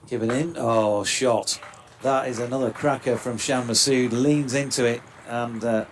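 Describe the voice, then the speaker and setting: A man giving relaxed, chatty live cricket commentary with dry quips. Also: mid-range voice, unhurried, a little hiss or hum.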